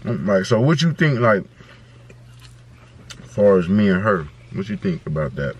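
A young man hosting a casual eating video, asking questions in a relaxed, slangy way. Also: fairly low pitch, moderate pace, lo-fi sound, a little hiss or hum. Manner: laid-back slangy questioning. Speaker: YouTube host. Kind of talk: casual mukbang chat.

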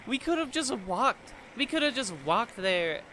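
A man commentating a video game as he plays, excitable, laughing and swearing, talking back to the characters on screen. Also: very high-pitched, a little slow, a little hiss or hum. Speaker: gaming YouTuber. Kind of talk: let's play commentary.

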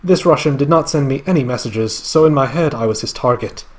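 A man reading a male player's game report aloud in a deliberately bad put-on Scottish accent that drifts into other accents. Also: mid-range voice, lightly acted. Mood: reflective. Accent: put-on Scottish, slipping into other accents. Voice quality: wavering mock accent, wry storytelling. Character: male Austrian player recounting his game.

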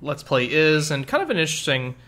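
A man's voice: on the high side, very animated, a little fast, a bit bright. Laid-back man co-hosting a podcast. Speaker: podcast co-host. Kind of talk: casual chat.

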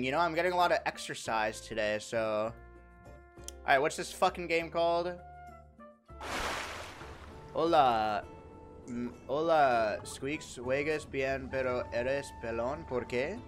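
A young man live-streaming in casual chat, animated and profane as he jokes back at his viewers. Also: a little high, slow, long pauses, soft background music. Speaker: livestreamer.

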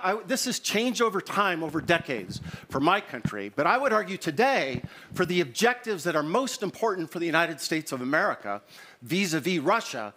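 A man's voice: fairly high pitch, sharp tone. A middle-aged man giving an unscripted opening statement on a conference stage, candid and conversational, hurrying against the clock. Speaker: debater. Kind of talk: extemporaneous debate opening statement.

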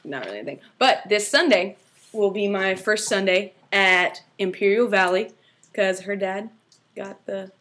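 A young woman co-hosting a casual vlog, bubbly and teasing, with quick interjections. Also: mid-range voice, a bit bright. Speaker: vlog co-host. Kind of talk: casual chat.

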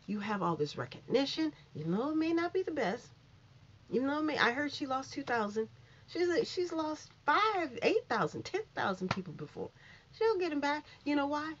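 A woman giving a casual, sassy opinion monologue as a commentary vlogger, swinging from loud outbursts to hushed asides. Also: a little high, sing-song, moderate pace. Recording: muffled lo-fi recording.

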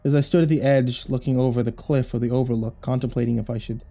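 A man reading a first-person horror story aloud, measured with dramatic swells. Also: mid-range voice, fairly even intonation, creaky, mellow.

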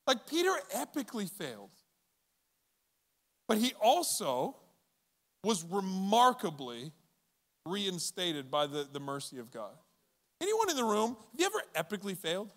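A man delivers a sermon to his congregation with a loose, conversational energy, slipping into acted-out lines of dialogue. His voice sits fairly high for a man and moves between easy chatter and quieter, earnest stretches. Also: a little slow, long pauses. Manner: conversational and animated, acting out quoted voices. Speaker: pastor. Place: church auditorium with audience.

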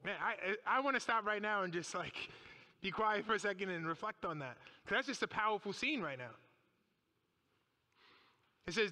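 A man preaches a sermon in a church, retelling scripture with drama and firing off rhetorical questions. His voice is high and bright, and every phrase rings on through the long reverb of the hall. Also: lively intonation, moderate pace.

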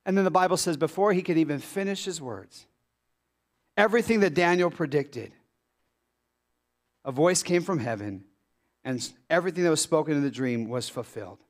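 A male pastor preaching a sermon to his congregation in an animated way. His high voice lifts on rhetorical questions and then drops low and quiet to stress a point. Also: normal speed, pauses often.

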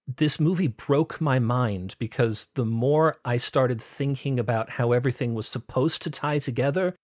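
Male podcast co-host, mid-pitch, dry and measured, close and dry mic. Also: no room sound. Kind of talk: casual movie review chat.

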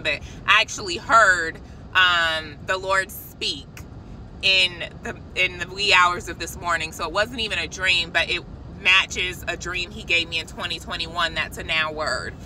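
Bright-voiced woman vlogging from her car. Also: lowish voice, a little hiss or hum, rough recording. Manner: excited, preachy, addresses viewers as y'all. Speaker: christian vlogger. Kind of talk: casual spiritual vlog. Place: parked car outside a shop.

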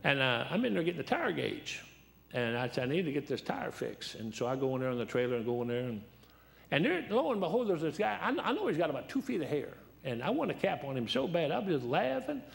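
A man's voice: a little high, big pitch swings, fast talker, gravelly. An older man preaching as a guest, telling folksy, rambling stories and laughing at them. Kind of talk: sermon with storytelling.

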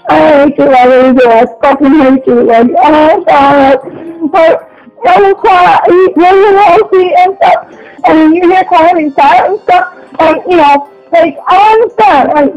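Casting: woman playing a hurt, ranting figure, high whiny voice, dull lo-fi sound. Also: a little mellow. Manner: whiny, rambling, profane rant. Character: hurt, angry woman who feels unwanted.

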